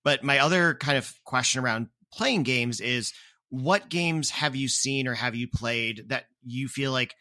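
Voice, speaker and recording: A man's voice: medium pitch, unhurried, sharp tone. A man hosting a podcast in casual chat, telling stories expressively. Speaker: podcast host.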